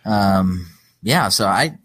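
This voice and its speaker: A man with a deep voice chats easily on a podcast, pausing often with ums and restarts. His tone stays relaxed and unhurried. The recording is dry and close. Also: dry recording. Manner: easygoing, hesitant, many ums. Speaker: podcast co-host. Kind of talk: casual chat.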